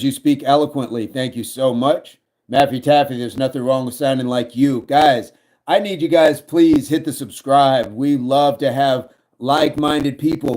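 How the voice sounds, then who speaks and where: A man's voice: mid-range voice, darkish tone. A man hosting a fitness livestream, casually reading viewers' comments aloud and joking back at them. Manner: playful, jokey, reads viewer comments aloud and answers them. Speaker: livestream host.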